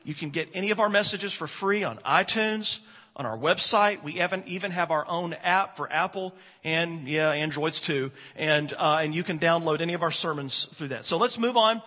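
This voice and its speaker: A male pastor preaching with a bright, husky, fairly high voice that rises and falls widely. He leans into dramatic pauses and swings between strong emphasis and quiet asides. The sound rings out with the long reverb of a large hall. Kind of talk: sermon.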